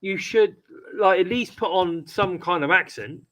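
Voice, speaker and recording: On a wrestling review podcast, this UK co-host talks in a high-sitting voice at an unhurried pace, with heavy background noise. He rambles casually and keeps restarting his sentences.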